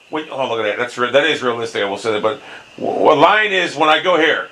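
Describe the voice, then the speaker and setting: A man giving angry gameplay commentary, swearing constantly and yelling at the game. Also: mid-range voice, animated, fast, poor audio. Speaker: gaming commentator.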